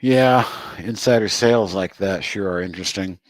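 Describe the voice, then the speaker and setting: A man with a very low voice hosting a live trading room in a relaxed, chatty way, with light laughs between remarks. His voice is recorded close and dry, with no room sound. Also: moderate pace, dry recording. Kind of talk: casual live market commentary.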